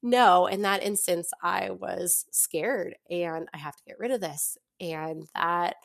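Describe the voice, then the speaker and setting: Young woman guest on a podcast, lowish voice, rambly and chatty, laughs a lot. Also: slow pace, vocal fry. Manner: chatty, many fillers, breaks into laughs. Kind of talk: casual storytelling in an interview.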